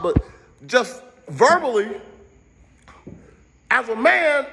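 A man's voice: extremely high pitch, pushed and bright. A man doing a casual live-stream comedy rant, rambling and jumping between jokes and asides.

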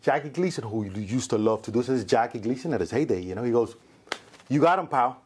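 A man hosting a casual podcast interview, telling a story with lively quoted voices. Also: medium pitch, quick pace, slight background noise. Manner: bald. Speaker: podcast host.

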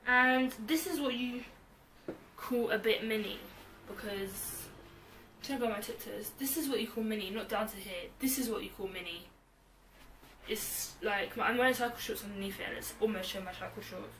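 A woman's voice: mid-range voice, moderate pace, a bit bright, a little hiss or hum. A woman chatting through a clothing try-on haul at home, rambling and joking at herself, full of "like". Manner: bubbly, rambling, self-mocking, heavy use of "like". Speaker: fashion vlogger.

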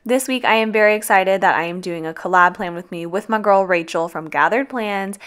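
A woman's voice: medium pitch, fairly quick, a bit bright, clear, resonant tone. A woman, groggy from just waking up, chatting casually in a vlog voiceover and swearing now and then. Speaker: planner vlogger.

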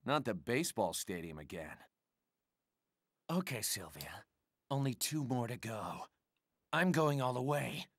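Brash young game assassin, muttering. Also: male voice, medium pitch, expressive, measured pace, pauses often, no room sound, studio quality. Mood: wry. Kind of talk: video game cutscene dialogue.

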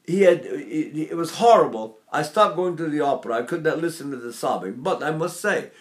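Lively older male voice teacher. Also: a little high, a little fast. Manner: animated, digressive, demonstrates vocal sounds. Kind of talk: singing lesson with sung demonstrations. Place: Seattle area.

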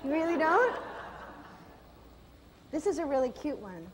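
Lively high-voiced woman co-hosting a cooking show. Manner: teasing, reads jokes aloud with drawn-out delivery. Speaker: co-host. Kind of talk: comic cooking show banter. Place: television studio kitchen. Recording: hall reverb with faint noise.

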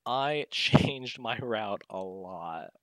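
A man's voice: lowish voice, drawn-out words. A young man commentating his own speedrun from a dorm room at night, keeping his voice down but often bursting out in disbelief, with lots of restarts and stammers. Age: young adult. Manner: excitable, disbelieving, talks in bursts with many restarts; keeps voice down to avoid waking sleepers. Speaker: speedrunner streamer. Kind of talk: casual live commentary while gaming.

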